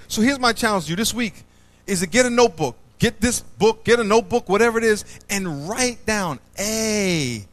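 A man preaching a sermon as pastor, swinging between loud bursts and hushed low passages. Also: lively intonation, moderate pace. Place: church.

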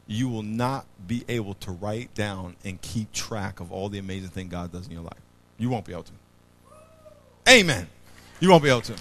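A man preaching a sermon as pastor, swinging between loud bursts and hushed low passages. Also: slight background noise. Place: church.

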